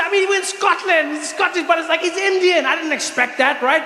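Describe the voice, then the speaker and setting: A male stand-up comedian telling a story in an animated, exasperated way, rising to shouts. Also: very high-pitched, brisk, few pauses. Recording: echoey hall with faint noise.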